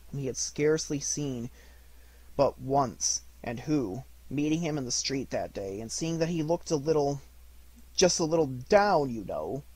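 A man narrating an audiobook in a measured, deliberate way. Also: mid-range voice, darkish tone, husky, dry recording. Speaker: audiobook reader. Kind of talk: scripted narration.

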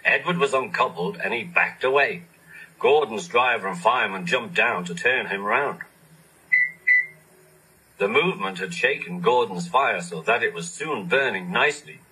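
A man reading a children's storybook aloud, expressive and animated. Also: on the low side, normal speed, slightly rough, rough recording. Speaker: narrator.

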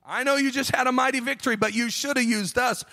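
A man's voice: very high-pitched, steady tone, fast, pushed and bright, in a large hall, voice pushed up. A man voicing whiny, self-important ancient tribesmen who complain about being passed over. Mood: indignant. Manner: petulant, complaining.

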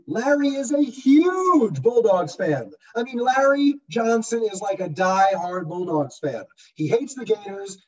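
A man leading a real estate software webinar over a video call, animated and acting out customer voices as he explains. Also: high voice, breathy edge. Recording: dull lo-fi audio from far off the mic.

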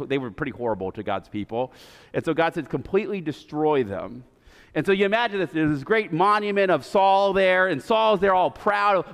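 A male pastor preaches a sermon in a relaxed, storytelling way and scatters casual fillers through it. His voice sits high for a man and swings widely in pitch. A long church reverb trails behind every phrase. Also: clean tone. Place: church sanctuary.

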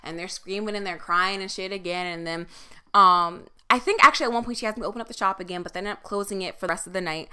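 Smooth-voiced and quick, with a medium pitch, this young female podcast co-host spins a story in a relaxed, lively manner. She laughs frequently and swears without hesitation.

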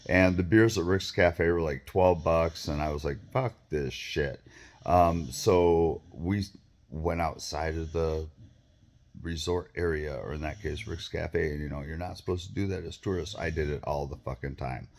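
Deep-voiced man telling a rambling story. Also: steady tone, normal speed, darkish tone. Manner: rambling, profane, lots of fillers and restarts. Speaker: vlogger.

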